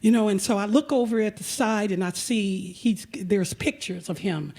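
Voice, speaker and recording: A woman hosting and telling a comic personal story live on stage at a museum auditorium, animated and full of breathless asides. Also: medium pitch, moderate pace. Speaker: storyteller and host.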